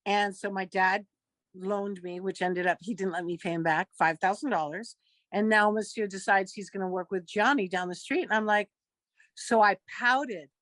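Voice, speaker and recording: A woman in her fifties tells a story as an interview guest, her pitch sitting in the middle range and her delivery full of acted-out lines. The sound is dry and close, with no room around it. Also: normal speed, no room sound. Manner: lively storyteller who acts out quoted dialogue. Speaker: guest actress.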